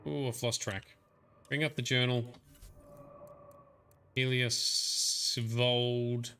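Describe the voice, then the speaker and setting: Chatty Australian gaming streamer. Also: male voice, medium pitch, fairly even intonation, drawn-out words, sharp tone, clear, resonant tone. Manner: chatty, laughs often. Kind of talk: let's play commentary.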